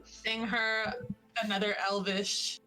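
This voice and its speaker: A woman's voice: mid-range voice, little pitch movement, slow pace, music in the background, low-quality recording. A woman playing a tabletop game, joking and playful in casual role-play. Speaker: player.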